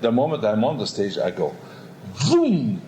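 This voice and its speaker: A man, an opera baritone, telling a candid backstage story in a rambling, animated way, acting out voices and sounds. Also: fast talker, a little hiss or hum, poor audio. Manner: animated, acts out quotes and sounds; rambling with many restarts and "all of a sudden". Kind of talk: candid spoken anecdote.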